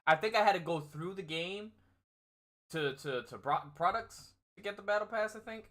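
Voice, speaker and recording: A man's voice: sits high, normal speed, fairly bright tone. A man hosting a casual gaming chat stream, laid-back and laughing often, swearing freely. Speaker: streamer host.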